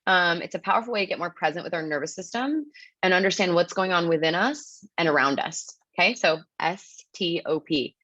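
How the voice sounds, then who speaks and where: A low-pitched woman gives a relaxed, upbeat webinar talk, checking in with her listeners often and tossing in plenty of "like". Her voice is close and dry, carried over a dull, lo-fi video-call line. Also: brisk, no room sound. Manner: chatty, upbeat, peppered with "like" and "right?". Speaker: webinar presenter. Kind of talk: casual teaching talk.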